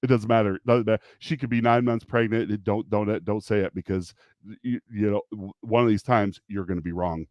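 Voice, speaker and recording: A man's voice: lowish voice, steady tone, a little fast, darkish tone, dry recording, highs cut off. A man with kids hosting a casual livestream, rambling, restarting sentences and laughing often. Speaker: livestream host.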